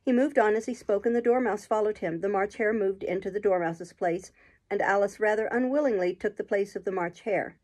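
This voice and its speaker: Gentle woman reading a storybook aloud. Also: medium pitch, fairly quick. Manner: gentle, steady narration. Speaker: host reading a children's classic.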